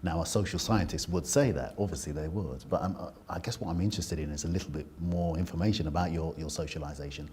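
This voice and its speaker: Male counsellor host, very deep voice, measured probing questions, faint noise. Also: a little mellow. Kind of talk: interview questions.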